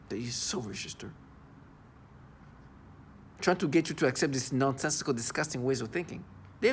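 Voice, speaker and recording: A man with a rough, gravelly voice speaks in a personal video monologue. He sounds agitated and disgusted, and keeps breaking off and restarting his sentences. Faint background noise runs under the recording. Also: medium pitch. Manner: halting, full of restarts and fillers. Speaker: vlogger.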